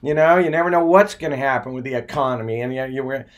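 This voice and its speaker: A man's voice: mid-range voice, quick pace, lo-fi sound. An older man talks straight to his viewers in a folksy, affectionate live-stream monologue. His voice sits in an ordinary middle range, and he wanders through fillers and restarts as he goes. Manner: rambling, full of uh and restarts.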